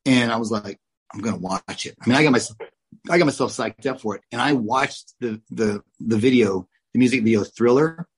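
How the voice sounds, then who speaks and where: A man in his forties from Oklahoma, a guest telling lively, salty stories from his childhood in a casual interview. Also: mid-range voice, brisk, breathy edge, low-quality recording. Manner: animated, swears, acts out quoted voices. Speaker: guest, oral surgeon.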